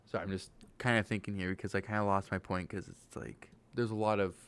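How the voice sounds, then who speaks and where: A man of twenty-one giving a casual motivational rant, animated and swearing, his voice jumping into loud exclaims. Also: sits low, fast talker, smooth. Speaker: vlogger.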